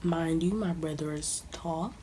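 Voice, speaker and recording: A woman's voice: deep voice, unhurried, noisy background. A young woman casually telling a personal story as a vlogger, sometimes dropping to a near-whisper. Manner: casual, conversational, drops to near-whispers at times. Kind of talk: storytime monologue.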